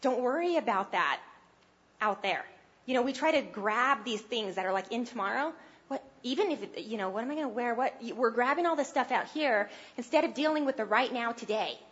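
A woman's voice: fairly high pitch, expressive, moderate pace, fairly bright tone, lo-fi sound. A woman preaching a sermon, earnest and conversational, lifting her voice to press her points. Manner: earnest and conversational, rising with emphasis.

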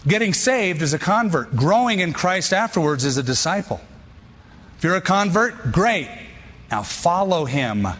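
A pastor delivering a sermon in short, emphatic, punchy lines. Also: male voice, high-pitched, very animated, normal speed, a bit bright, long reverb tail.

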